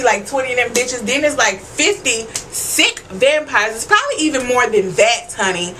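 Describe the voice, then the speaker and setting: A young woman vlogger recaps a TV episode in a loose, chatty way, swearing freely and checking in with her viewers. Her voice sits a little high and has a bright, forceful edge, with faint room noise behind it. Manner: chatty and profane, keeps asking "you know what I'm saying".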